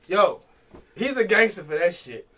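A young man chatting on a podcast, joking and cursing and breaking into laughter as he reads a story out. His voice sits a little high and swings widely in pitch. The tone is bright and forward. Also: big pitch swings, moderate pace. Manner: laughs often, swears, jokey. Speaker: podcast co-host. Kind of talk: casual chat, reading news aloud.

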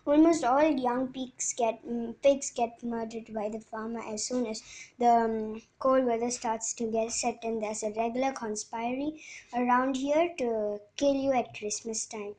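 A woman's voice: on the high side, fairly even intonation, normal speed, warm tone, close to an everyday voice. A woman reading the lines of a blunt, worldly old female sheep in a storybook retelling. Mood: matter-of-fact.

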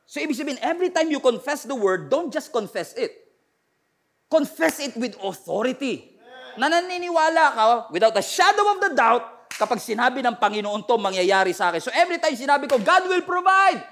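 A middle-aged pastor with a Filipino accent preaches in a bright, high voice. He switches between Filipino and English and keeps drawing answers from his congregation. At times he builds up to forceful shouts. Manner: preaching with call-and-response, rising to shouts. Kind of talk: sermon mixing Filipino and English.

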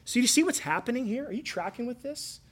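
A man in his thirties preaching a sermon, telling stories earnestly and asking his listeners rhetorical questions, shifting between loud and hushed. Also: very high voice, lively intonation, fast, husky. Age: 30s. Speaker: pastor.

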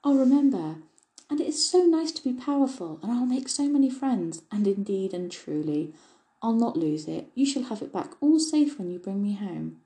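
A woman's voice: mid-range voice, very animated, normal speed, vocal fry, warm tone, echoey room, low-quality recording. A woman voicing a tiny absent-minded fairy who is eager and tries to sound dignified, in a storybook reading.

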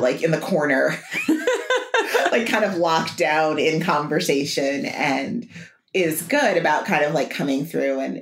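A chatty woman talks casually, full of "like" fillers and easy laughter. Her voice sits fairly low but swings widely in pitch. The sound has a roomy echo. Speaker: therapist co-host. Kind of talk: casual chat.

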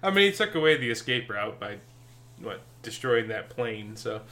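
Brief: male co-host, bright and forceful voice, laughs often, casual game talk. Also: mid-range voice, big pitch swings, normal speed, a little hiss or hum. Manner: laughs often, hesitant with ums. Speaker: podcast co-host. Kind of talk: casual gaming chat.

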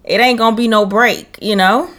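Sassy, animated young woman podcaster. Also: fairly high pitch, moderate pace. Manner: animated storytelling, sassy asides. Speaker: podcast co-host. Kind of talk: casual chat.

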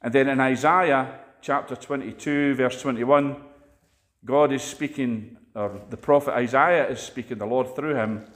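A Scottish man preaches in a loose, chatty sermon, spinning stories as he goes. His voice sits at a middling pitch. The recording carries a noticeable roomy echo. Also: steady tone, a little slow, a bit bright. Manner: chatty, anecdotal storytelling. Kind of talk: conversational sermon.

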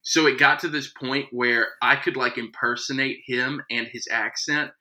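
A man in casual chat with friends, telling a story with lively swings and quiet asides. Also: normal speed, rough recording. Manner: animated storyteller, drops low for asides.

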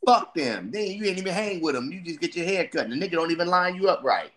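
A man's voice: high voice, big pitch swings, fairly quick, fairly bright tone, slight background noise. A man in casual conversation, telling stories with lots of energy and acting out the voices of himself and his friends. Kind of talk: casual storytelling chat.

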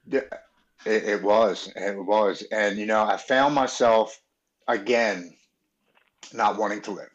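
A man from Maryland, a podcast guest, telling his own recovery story in an earnest, halting, emotional way. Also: on the low side, steady tone. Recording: dull, muffled audio.

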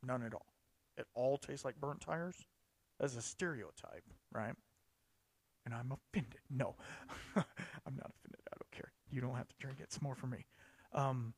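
A man's voice: mid-range voice, breathy edge, no echo. A man hosting a podcast, talking casually and rambling, with lots of fillers and restarts. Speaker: podcast host. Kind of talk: casual solo podcast talk.

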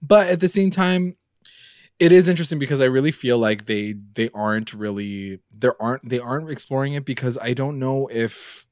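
A man's voice: mid-range voice, moderate pace, dry recording, clean studio sound. A man co-hosting a podcast, chatting casually about a TV episode with many fillers and acted-out character lines. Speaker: podcast co-host. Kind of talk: casual chat recapping a TV episode.

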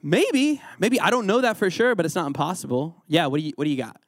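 A man's voice: sits high, fast talker, no echo, studio quality. Playful joking youth pastor man. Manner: playful, joking, quizzes the audience. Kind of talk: interactive Bible lesson sermon.

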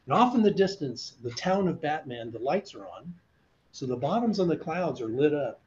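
A man in his sixties telling an animated, chuckling story as an interview guest. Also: a little high. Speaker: guest, veteran fighter pilot. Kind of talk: casual storytelling. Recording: slightly dull recording, faint hiss.

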